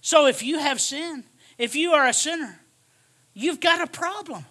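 A man preaching a sermon, emphatic and repetitive, swinging from hushed asides to shouted lines. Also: very high voice, unhurried.

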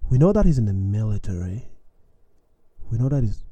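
Young male podcast storyteller from Australia, very dark tone, lively and self-mocking, dry recording. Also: lowish voice, brisk, slightly rough, dry recording, highs cut off. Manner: animated, self-mocking, acts out his own panic; repeats lines and ends phrases with "man". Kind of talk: casual spoken storytelling.

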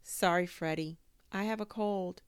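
A woman's voice: on the low side, measured pace, clear, resonant tone, dry recording, studio quality, voice pushed up, close to an everyday voice. A woman voicing a kind, caring mother with a cold in a storybook reading. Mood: gentle.

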